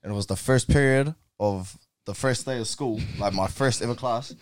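A man's voice: medium pitch, moderate pace, dry recording, clean studio sound. Laid-back young New man. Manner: laid-back, swears freely, laughs through stories. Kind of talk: casual chat.

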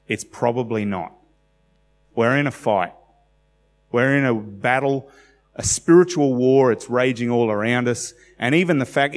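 Male pastor, 40s, Australian accent, conversational sermon delivery, recorded in a reverberant hall. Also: mid-range voice. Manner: conversational, asks the congregation questions.

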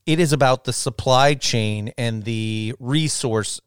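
Measured male co-host, smooth resonant voice, dry close sound. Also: medium pitch, no echo. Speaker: podcast co-host. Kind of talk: casual chat.

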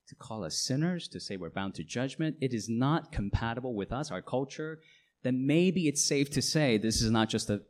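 A middle-aged man, a pastor, preaching a sermon with emphatic delivery and frequent rhetorical questions. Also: lowish voice.

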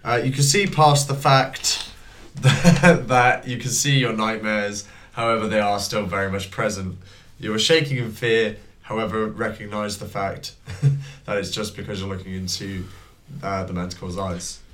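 A man's voice: fairly low pitch, fairly even intonation, normal speed, a bit bright. A man running a tabletop game as game master, narrating the world and laughing between lines. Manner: narrates lore with laughs, plays shopkeepers.

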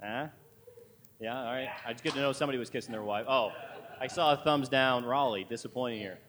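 A man's voice: medium pitch, a little fast, a bit bright, slight background noise. A man pastor opening a church service, teasing the congregation with light jokes before introducing guests. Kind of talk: sermon intro with light humor.

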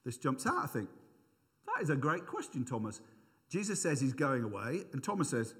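A man's voice: fairly high pitch, huge pitch swings, brisk, a bit bright. A middle-aged man giving an informal, conversational sermon, thinking aloud with self-deprecating asides. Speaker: preacher. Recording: long hall reverb.

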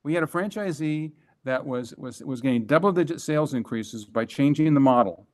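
Animated man telling a business story. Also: medium pitch. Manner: animated, emphatic storyteller with quick restarts. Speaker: guest, former franchise executive. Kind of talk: conversational storytelling.

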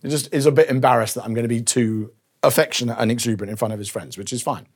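A man's voice: mid-range voice, fast talker. A man in his forties preaching a conversational sermon, telling personal stories with self-deprecating asides.

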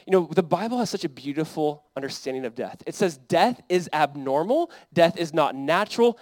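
A man's voice: fairly high pitch, lively intonation, a little fast, few pauses, no room sound. A young adult man, a pastor, preaching a sermon in an earnest, conversational way that builds to emphatic peaks.

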